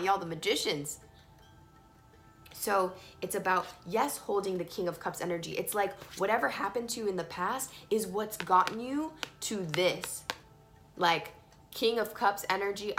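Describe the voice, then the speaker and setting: A woman giving a casual, emphatic tarot reading, swinging between soft and loud. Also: medium pitch, normal speed. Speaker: tarot reader. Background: faint playlist music.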